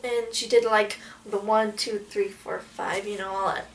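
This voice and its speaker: A young woman vlogger telling a story in an animated way, full of fillers and dramatic quoted outbursts. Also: mid-range voice, measured pace. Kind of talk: storytelling vlog.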